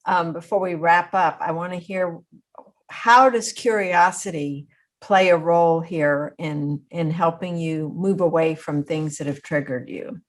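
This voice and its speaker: Woman podcast host, low voice, unhurried delivery, reflective conversational interview. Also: fairly even intonation. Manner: reflective, thinks aloud with some restarts.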